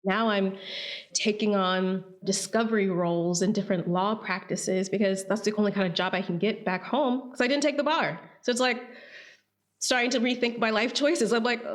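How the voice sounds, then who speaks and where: Appearing as a guest on a podcast interview, a woman from Atlanta tells her story with lively animation, acting out the voices of the people she quotes. She has a mid-range voice and speaks at a moderate pace.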